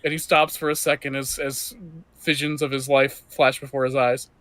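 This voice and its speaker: Game master narrating a tabletop session, halting with fillers, dry close sound. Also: mid-range voice, flat delivery, fairly bright tone, dry recording. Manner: hesitant, lots of fillers.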